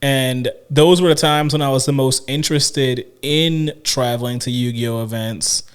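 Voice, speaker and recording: A man's voice: mid-range voice, steady tone, unhurried, clear, resonant tone. A man co-hosting a casual podcast chat, rambling with many restarts and fillers. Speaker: podcast co-host.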